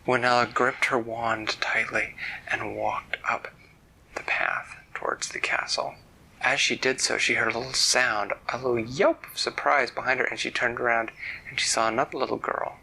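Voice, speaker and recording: A man telling an improvised bedtime story in a soft, hushed voice, stopping to explain words. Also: mid-range voice, fairly even intonation, normal speed, gravelly, slight background noise, poor audio.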